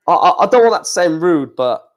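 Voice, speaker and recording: A man chatting casually through a live match watchalong, laughing often and swearing. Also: sits high. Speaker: live streamer.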